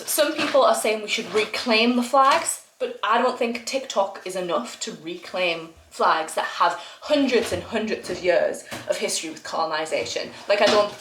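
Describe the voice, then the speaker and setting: A chatty young woman with a Northumbrian accent, talking in a casual, rambling way and often breaking into laughter. Her voice sits at an ordinary middle pitch. It echoes around a roomy space, with a faint hiss behind it. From Northumberland, England. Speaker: vlogger. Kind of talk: casual chat.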